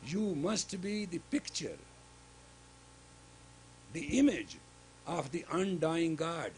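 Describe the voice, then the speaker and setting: A man giving a sermon-style lecture as a spiritual teacher in a gurdwara, speaking emphatically with sudden loud rises on key words. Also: fairly high pitch, sing-song, slow pace, vocal fry, a little hiss or hum, low-quality recording.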